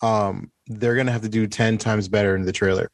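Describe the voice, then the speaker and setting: A man co-hosting a casual chat, speaking in a hesitant, measured way with many ums and restarts. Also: on the low side, fairly even intonation, no echo. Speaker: podcast co-host.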